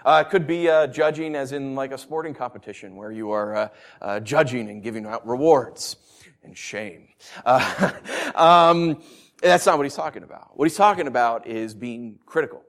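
A man's voice: medium pitch, moderate pace. A man in his thirties preaching a sermon in a conversational way, with self-mocking asides and emphatic rises. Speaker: pastor.

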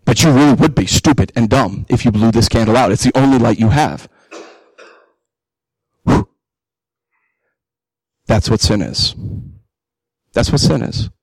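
A man in his thirties preaching a sermon to his congregation, animated, with jokey asides and emphatic peaks. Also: mid-range voice, unhurried, long pauses, husky, no echo, low-quality recording. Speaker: pastor. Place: church hall.

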